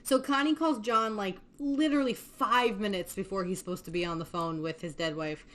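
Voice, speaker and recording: A woman's voice: medium pitch, normal speed, fairly bright tone. A woman chats her way through a film recap, loose and conversational. She laughs often and swears freely as she goes. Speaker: podcast host. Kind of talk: casual movie recap chat.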